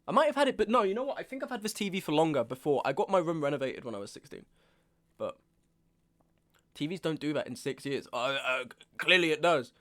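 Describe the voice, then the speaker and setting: A man's voice: fairly high pitch, lively intonation, fast, fairly bright tone. A man in his twenties chatting casually on a live stream, exasperated, ranting and often repeating himself. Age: 20s. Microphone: webcam setup at home.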